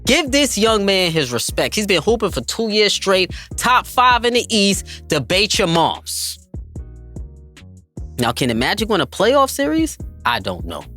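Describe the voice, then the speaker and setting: A man hosts a basketball podcast in a hyped, emphatic voice. His pitch swings widely as he pushes his points, and soft music plays underneath. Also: wildly swooping pitch, a little slow. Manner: hyped, emphatic, addresses listeners as family. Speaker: podcast host. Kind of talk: enthusiastic basketball commentary.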